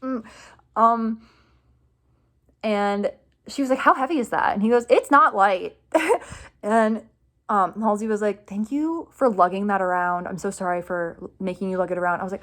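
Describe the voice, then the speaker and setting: Excited rambling young woman storyteller. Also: mid-range voice, normal speed, pauses often. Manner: excited, rambling, many fillers and "like"s, laughs often. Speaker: vlogger telling a fan story. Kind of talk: casual storytelling vlog.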